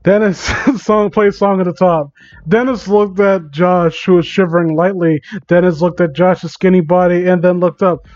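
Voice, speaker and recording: A man's voice: high voice, fairly even intonation, moderate pace, darkish tone, no echo, faint music behind. A man reading fan fiction aloud for comedy, stumbling over words and rambling in asides, on a dull lo-fi mic.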